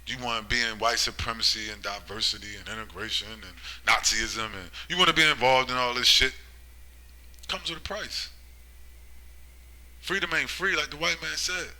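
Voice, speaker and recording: Preaching man with a bright, forceful voice. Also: moderate pace, rough recording. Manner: rhetorical, keeps asking "right?" and "you see?"; swings between loud emphatic bursts and low muttering. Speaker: religious commentator. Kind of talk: preaching monologue.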